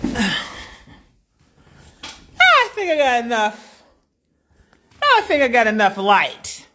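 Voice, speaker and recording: A woman's voice: on the high side, big pitch swings, slow pace, noisy background. A woman chatting casually on a live stream from her home loft, calling her viewers babies and honey. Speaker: livestream host.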